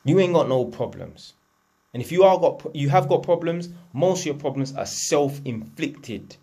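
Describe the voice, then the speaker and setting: A man's voice: on the high side, lively intonation, moderate pace, mellow, husky. A man, delivering a blunt, profane, lecturing rant to camera as a vlogger. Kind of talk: unscripted ranting monologue.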